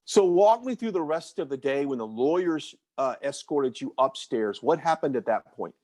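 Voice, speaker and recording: A man interviewing a guest, asking direct, measured questions. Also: medium pitch, expressive, darkish tone.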